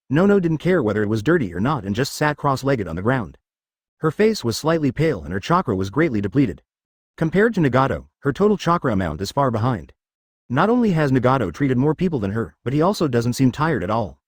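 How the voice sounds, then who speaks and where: A synthetic-sounding male voice reading audiobook narration with an even, steady delivery. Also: medium pitch, fast, no room sound, clean studio sound.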